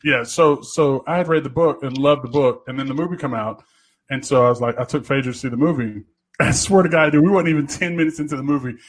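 Husky-voiced man telling a rambling story. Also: mid-range voice, quick pace. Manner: rambling, profane storytelling with frequent laughs. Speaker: podcast host. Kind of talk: casual chat.

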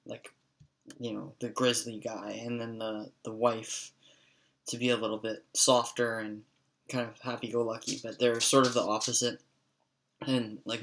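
A young man with a stuffy, raspy voice, telling a rambling, profane story in a casual vlog. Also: mid-range voice, sharp tone. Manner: rambling, profane, frequent "like" fillers.

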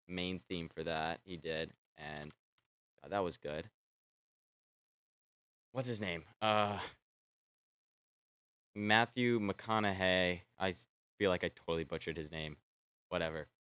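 Low-voiced young man rambling excitedly. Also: a little slow, pauses often, clear, resonant tone. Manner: excitable, swears freely, trails off and restarts. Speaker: vlogger. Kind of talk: casual rambling chat. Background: faint film score playing.

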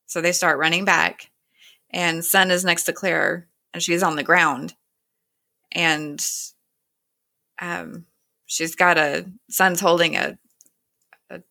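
A woman's voice: lowish voice, steady tone, takes it slowly, vocal fry, long pauses, pushed and bright. A woman retelling a TV episode in casual chat, quoting the characters with "he's like" and laughing along. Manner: retells scenes with "he's like" quotes and giggles.

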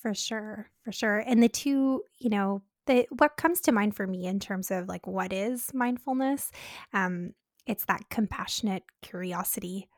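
A woman co-hosting a podcast, speaking in a gentle, reflective way and often checking in with "right?". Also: medium pitch, a little slow, no echo, studio quality. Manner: gentle, reflective, says "right?" and "you know". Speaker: podcast co-host. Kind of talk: casual podcast chat.

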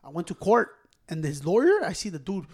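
High-voiced man telling a profane story. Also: a little fast. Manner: profane, animated, acts out quotes. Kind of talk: casual storytelling among friends.

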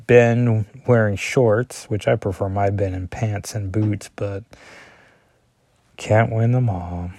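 A man's voice: on the low side, steady tone, takes it slowly, darkish tone, no room sound. A man chatting through a comic issue page by page, filling the talk with "like" and self-deprecating asides. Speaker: comic book vlogger. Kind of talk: casual comic reading and commentary.

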